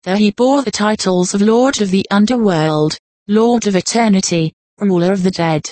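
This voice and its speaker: A woman's voice: medium pitch, dark tone, dry recording. Woman reading old prose, dry sound. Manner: measured, formal reading. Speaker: audiobook reader. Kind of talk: scripted narration of an old nonfiction text.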